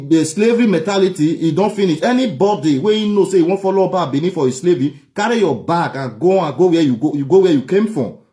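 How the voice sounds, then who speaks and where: A man's voice: high voice, darkish tone. A Nigerian man from Nigeria delivering a heated political rant as an online broadcaster, angry, mocking and repeating himself.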